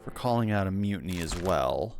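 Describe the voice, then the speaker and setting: A man's voice: sits low, lively intonation, fairly quick, vocal fry. A man streaming a game, thinking aloud in casual commentary with mild swearing. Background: loud game music.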